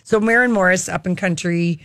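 A woman co-hosting a radio show, chatty and quick to joke. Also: fairly low pitch, fairly bright tone, no echo, clean studio sound. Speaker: radio co-host. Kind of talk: casual radio banter.

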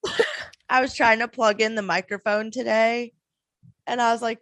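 Upbeat woman co-host, giggly and loose, somewhat high voice, dry close mic. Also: fairly even intonation, normal speed, pauses often, fairly bright tone, no room sound. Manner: hyper, laughing, swearing. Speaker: podcast co-host. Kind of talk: casual chat.

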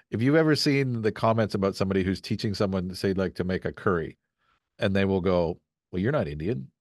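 A Canadian voice actor appears as a guest on a podcast, rambling through stories in casual chat and acting out little quotes along the way. His voice is on the low side, captured in studio quality with no room sound.

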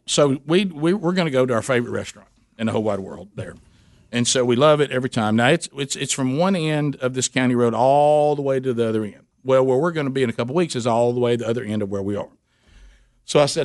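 A man's voice: fast, dry recording, clean studio sound. A man hosting a radio show, telling a story and acting out the voices of his family. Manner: animated, acts out voices of family in his story, climbing in pitch.

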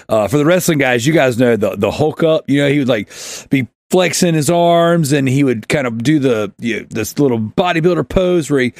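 A man's voice: on the high side, no echo. A man hosting a podcast, rambling through a funny story and laughing as he goes. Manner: rambling, laughing, acts out shouted quotes. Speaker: podcast host. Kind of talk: casual storytelling chat.

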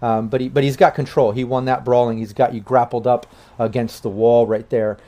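A man's voice: medium pitch, level tone, fairly quick, mellow. A man narrating a tabletop game on a stream as game master, in a casual, rambling way.

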